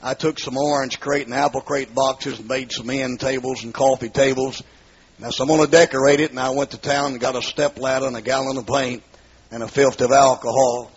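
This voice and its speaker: Speaking a little fast with a steady tone and medium pitch, a man from the American South preaches his testimony. He narrates his life like a story, acts out the conversations, and climbs into pleading cries. The muffled, husky recording is lo-fi.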